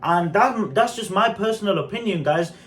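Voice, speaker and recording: Male film reviewer, slightly high voice, blunt and chatty, talks straight to camera. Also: moderate pace. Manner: frank, animated, addresses viewers as guys. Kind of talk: casual spoken movie review.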